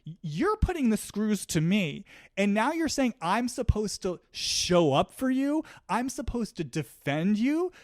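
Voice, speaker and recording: A man's voice: sits high, very animated, unhurried, no room sound, clean studio sound, voice pushed up. A man voicing an entitled woman TV personality in sarcastic, exasperated outbursts. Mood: indignant.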